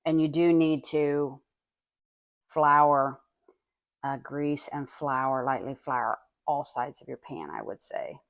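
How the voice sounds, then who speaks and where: In a relaxed cooking video, a woman chats while baking at home, tasting as she goes and now and then speaking with food in her mouth. Her voice is rumbling and low, and she takes her time.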